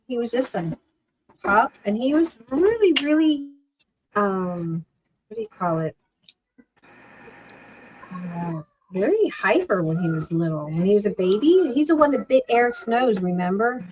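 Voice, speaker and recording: A woman's voice: on the high side, big pitch swings, measured pace, pauses often, a little mellow, muffled recording, slight background noise. Chatty woman crafting on a livestream. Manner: chatty, rambling, self-interrupting. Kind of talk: casual livestream chat while crafting.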